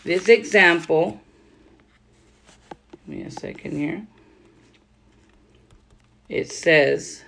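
A woman's voice: on the low side, wildly swooping pitch, very slow, creaky, long pauses, a bit bright. A woman podcast host reading aloud from a book on writing, breaking off for loose conversational comments. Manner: reads steadily, then adds loose conversational comments. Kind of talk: reading a writing guide aloud with casual asides.

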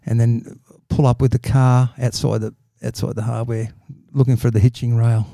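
Gravelly Australian bloke telling jokes. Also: male voice, medium pitch, flat delivery, normal speed, dark tone, no room sound, clean studio sound. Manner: rambling storyteller, repeats words, acts out voices in jokes. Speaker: podcast regular telling jokes. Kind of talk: casual joke telling.

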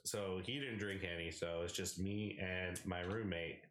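A young man telling a rambling, profane story in casual podcast chat, peppering it with "like" and "right?" and shouting out the lines of the people in it. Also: deep voice, steady tone, a little slow, a little hiss or hum. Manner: acts out quoted people in a raised, shouting voice. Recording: echoey room.

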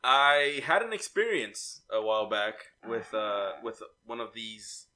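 A young man with a bright, lively voice at a middle pitch tells an awkward story in relaxed chat. He jokes, laughs and stalls on fillers as a podcast co-host. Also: a little slow. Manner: joking, laughing, hesitant fillers.

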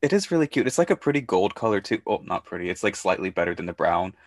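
A man's voice: low voice, sing-song, fast talker, no echo, clean studio sound. A man co-hosting a podcast, chatting loosely and jokingly and swearing freely. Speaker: podcast co-host. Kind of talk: casual chat.

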